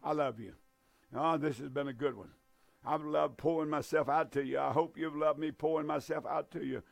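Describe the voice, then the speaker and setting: A man preaching with a drawl, hammering his points with drawn-out, repeated stresses. His voice is gravelly and sits a little high for a man. The sound is close and dry, with no room around it. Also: steady tone, dry recording. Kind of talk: fervent sermon.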